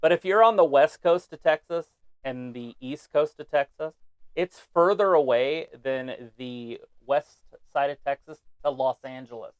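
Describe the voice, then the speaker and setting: A woman's voice: a bass voice, a little slow, clean tone, dry recording, highs cut off. A woman from the United States co-hosting a live stream, tossing in dry asides and interjections. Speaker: co-host of a live watch-along stream. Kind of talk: casual live-stream chat.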